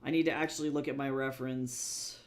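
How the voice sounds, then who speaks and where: A man's voice: medium pitch, level tone, brisk. Self-mocking man chatting while he draws. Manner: rambling, self-deprecating, thinks aloud. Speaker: webcomic artist streaming. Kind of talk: casual livestream chat while drawing.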